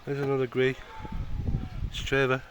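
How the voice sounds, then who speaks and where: A man's voice: medium pitch, monotone, moderate pace, a little hiss or hum. A man filming his rescue cats, talking to them in a coaxing, affectionate way. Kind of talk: casual talk to animals.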